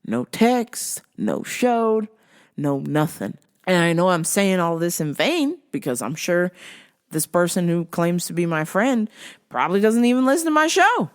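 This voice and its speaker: A woman's voice: on the low side, a little slow. Exasperated woman ranting as show host. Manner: animated, exasperated, swears freely. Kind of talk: casual ranting commentary.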